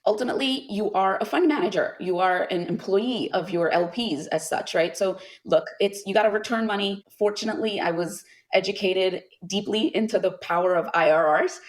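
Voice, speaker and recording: A middle-aged woman answering interview questions as a venture investor, animated, with lots of fillers and asides. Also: mid-range voice, a little fast, hardly any pauses, low-quality recording. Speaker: venture capital investor guest.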